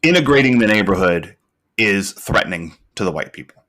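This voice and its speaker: A man co-hosting a casual podcast recap, working through his points slowly with lots of ums and likes. His voice sits low but sounds bright and forceful. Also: animated. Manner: thoughtful, rambling with many fillers. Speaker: podcast co-host.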